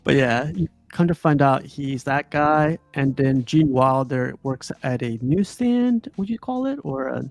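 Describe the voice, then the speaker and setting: A man's voice: mid-range voice, lively intonation, measured pace, hardly any pauses, dry recording. A man hosting a casual film review, talking loosely and laughing often. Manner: laughs often, rambling with fillers. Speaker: podcast host. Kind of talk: casual movie review chat.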